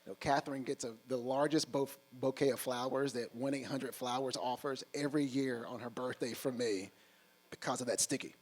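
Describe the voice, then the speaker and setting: A man in his forties giving a humorous storytelling talk on stage, animated and acting out other people's voices. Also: medium pitch, a little fast, low-quality recording. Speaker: keynote speaker. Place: on stage before a live audience.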